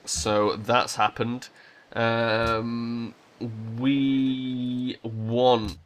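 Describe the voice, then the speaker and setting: A man's voice: mid-range voice, little pitch movement, drawn-out words. A man hosting a strategy game let's play, casually thinking aloud and swearing now and then. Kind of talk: gameplay commentary.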